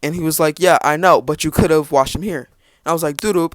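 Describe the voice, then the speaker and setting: A man's voice: on the high side, quick pace, no echo. A teenage boy telling a rambling personal story on his podcast, with restarts and sarcastic asides. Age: teens. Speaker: podcast host. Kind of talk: casual storytelling.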